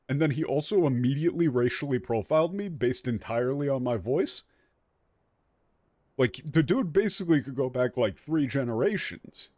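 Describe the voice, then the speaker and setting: Young male streamer, tired but animated, joking game commentary, dry close sound. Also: medium pitch, normal speed, dry recording. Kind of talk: let's-play commentary. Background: faint game music.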